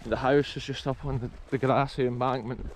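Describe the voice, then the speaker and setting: A man's voice: mid-range voice, steady tone, fairly quick, rough recording. A man with a Scottish accent narrating a casual walking vlog on a windy rural hillside, enthusiastic and often calling his viewers folks. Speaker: vlogger exploring abandoned places.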